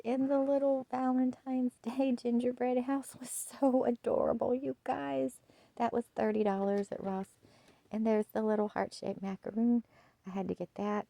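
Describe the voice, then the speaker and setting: A woman chatting casually through a home decor haul, gushing and soft-spoken, often dropping to a hush. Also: a little high, creaky, dry recording, poor audio. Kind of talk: casual shopping haul chat.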